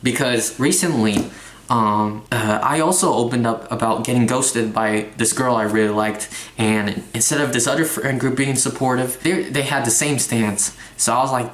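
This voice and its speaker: A young man in a confessional vlog rant, talking in halting bursts with stumbling restarts and frequent swearing. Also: medium pitch, fairly bright tone, roomy sound, a little hiss or hum. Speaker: vlogger. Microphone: phone.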